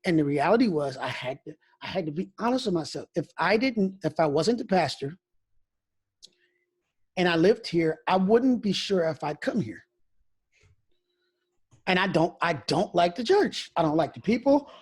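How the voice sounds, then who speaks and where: A man's voice: high voice, big pitch swings, moderate pace, long pauses, slightly rough. A man who is a pastor, speaking frankly in an interview and telling stories, often restarting his phrases. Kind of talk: candid conversational interview.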